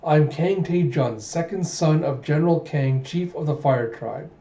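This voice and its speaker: An arrogant young nobleman, read aloud by a man, smooth and self-satisfied. The tone is dark and mellow. The recording sounds roomy and dull. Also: fairly high pitch, measured pace. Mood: indignant.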